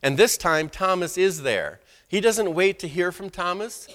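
A male pastor preaches to his church in an animated, conversational style. His voice sits a little higher than most men's, and he keeps leaning on quick rhetorical asides. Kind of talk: sermon.

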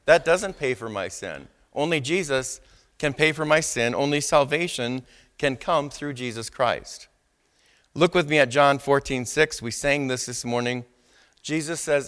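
A man preaching from the pulpit in an ordinary, mid-range voice. He slows down to lean on key words and checks in with the congregation for agreement as he goes. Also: mid-range voice, fairly bright tone. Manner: preaching with emphatic rises and slow, drawn-out stresses; asks the congregation for response. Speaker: pastor. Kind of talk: sermon.

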